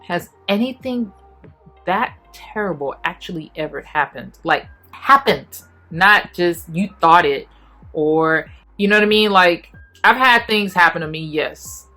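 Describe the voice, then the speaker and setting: Brief: woman in her 30s, heartfelt testimony vlog, lowish voice, faint music behind. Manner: earnest, emotional, talks fast in bursts and then goes quiet. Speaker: faith vlogger. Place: home apartment while packing.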